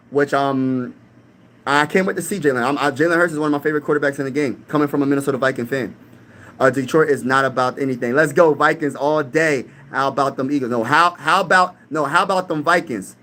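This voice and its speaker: A man's voice: on the high side, fairly quick, fairly bright tone. Hyped young guy talking sports trash. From Pennsylvania. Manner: hyped, trash-talking, reads chat aloud. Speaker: sports channel host. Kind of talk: casual live-stream sports talk.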